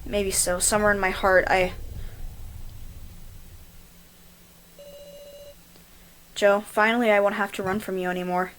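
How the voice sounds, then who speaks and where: A woman's voice: medium pitch, flat delivery, fast, a bit bright, slight background noise, close to an everyday voice, rough recording. A woman voicing an anxious, desperate young woman, reading her inner thoughts in a tense, pleading way. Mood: somber.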